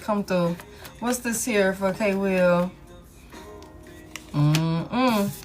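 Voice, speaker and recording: A woman's voice: medium pitch, very slow, soft background music. A woman giving a live tarot reading, talking casually and profanely to her viewers. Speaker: tarot reader.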